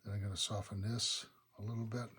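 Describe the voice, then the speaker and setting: A man teaching watercolor, talking calmly through each brushstroke of a painting demonstration and thinking aloud as he works. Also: lowish voice, fairly quick, noisy background. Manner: relaxed, thinking aloud step by step. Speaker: watercolor instructor. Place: painting studio.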